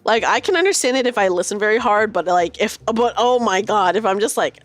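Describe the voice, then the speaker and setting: A woman's voice: medium pitch, expressive, a little fast, no room sound, faint music behind. Chatty, giggly American streamer woman. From United States. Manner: chatty and giggly, reading out and answering chat. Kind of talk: casual chat with viewers.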